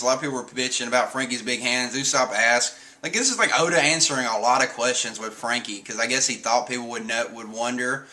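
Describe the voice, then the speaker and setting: A man casually recapping a manga chapter on a live stream, animated and slipping into quick squeaky voices for the characters. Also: poor audio. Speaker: host reviewing manga chapters.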